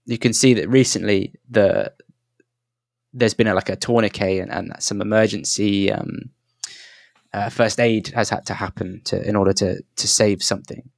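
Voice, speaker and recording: A man's voice: on the low side, moderate pace, gravelly, dry recording, clean studio sound. A man narrating a tabletop game as game master, descriptive and full of restarts. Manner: descriptive, hesitant, many restarts.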